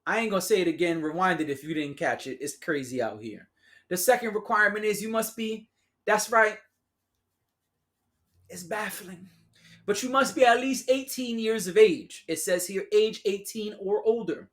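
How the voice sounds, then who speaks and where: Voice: medium pitch, moderate pace, fairly bright tone. A podcast host talking alone in a casual, sarcastic way, using slang, calling listeners "y'all" and laughing at their own remarks. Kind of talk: solo casual podcast commentary.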